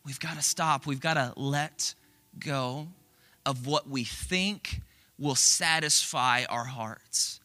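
A man preaching a sermon to a church congregation, telling a story in an earnest, animated, conversational way. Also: medium pitch, slow. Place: church auditorium with screen.

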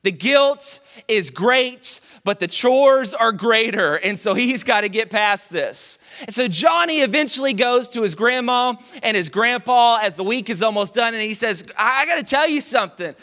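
A man preaching a sermon, telling a story in a lively, conversational way with dramatic pauses. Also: very high voice. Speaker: pastor.

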